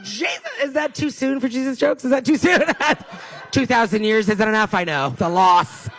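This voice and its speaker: A middle-aged woman from Canada doing a stand-up comedy set, talking in rapid asides with sudden loud, swearing outbursts. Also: on the high side, faint music behind. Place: comedy club stage. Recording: echoey room with crowd laughter. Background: audience laughter.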